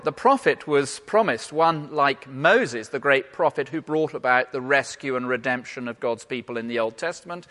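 A man preaching a sermon in an animated, emphatic way, swinging between loud and hushed. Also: mid-range voice, moderate pace, few pauses. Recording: long hall reverb.

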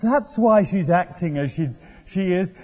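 A man's voice: high voice, lively intonation, unhurried, warm tone, breathy edge. A man preaching a sermon, telling the story in a wry, conversational way. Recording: dull lo-fi recording in echoey hall.

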